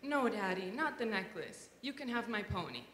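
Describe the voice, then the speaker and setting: A woman voicing a little girl who pleads softly and quietly with her father. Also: mid-range voice, sing-song, moderate pace. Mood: pleading. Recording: echoey room with long reverb, faint noise.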